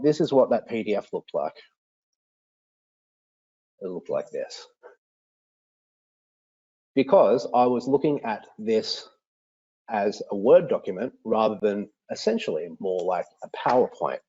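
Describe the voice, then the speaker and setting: A man teaching, demonstrating software for a lesson in an explanatory, enthusiastic way. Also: slightly rough, highs cut off. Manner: explanatory, enthusiastic, with lively pitch swings.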